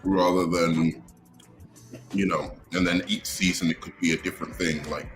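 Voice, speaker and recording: A man's voice: low voice, steady tone, normal speed, soft background music. A man in a casual group chat about TV, opinionated and insistent, digging in on his views.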